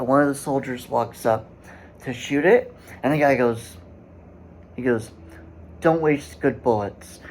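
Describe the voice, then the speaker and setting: A man hosting a solo commentary podcast, speaking in a halting way with many fillers and restarts and growing indignant. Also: medium pitch, a little hiss or hum, poor audio. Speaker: podcast host.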